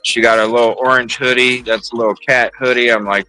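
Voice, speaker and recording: A man hosting a livestream from his car in heavy rain, chatting in a relaxed, rambling way. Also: medium pitch, a little fast, dry recording, faint music behind, poor audio. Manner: relaxed, rambling, thinks aloud. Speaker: livestream host. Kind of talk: casual chat while driving.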